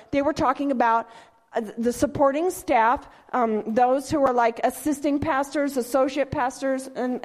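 High-voiced woman pastor giving testimony. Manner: animated storytelling, acts out quoted voices, rising to exclamations. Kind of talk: personal testimony sermon.

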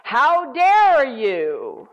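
A woman voicing a deep, menacing male demon, drawing each threat out slowly. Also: huge pitch swings, fairly bright tone, long reverb tail, full character voice. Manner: slow, drawn-out threatening delivery. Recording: dull lo-fi recording.

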